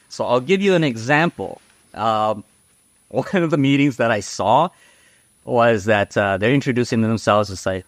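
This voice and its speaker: A man's voice: medium pitch, measured pace, no echo. A man talking casually as an interview guest, frank and outspoken, rambling with fillers and tag questions. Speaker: podcast guest. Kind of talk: casual conversational storytelling.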